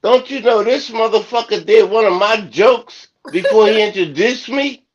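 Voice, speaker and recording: A man's voice: high-pitched, moderate pace, highs cut off. A man hosting a live comedy panel, trading loose banter with guests and laughing often. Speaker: host. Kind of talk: casual comedy panel chat. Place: live talk show.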